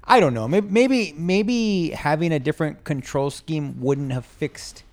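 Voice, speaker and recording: A man's voice: a little high, a little slow, darkish tone. A man in casual gaming chat, rambling with many restarts and asking "you know what I mean". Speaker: podcast co-host.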